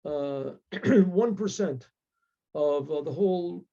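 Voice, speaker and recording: A man, a rabbi, telling a story in a casual, animated way, acting out the characters' voices and often clearing his throat. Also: on the high side, slow pace, dull audio. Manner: animated, acts out voices with rising emotional pleas; frequent throat clearing and restarts.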